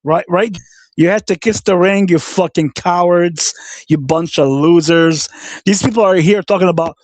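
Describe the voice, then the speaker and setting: A livestream host with a high-pitched, darkish voice rants angrily at a moderate pace on a dry recording. He curses, reads viewer comments aloud, and keeps repeating his insults in a profane, combative tirade.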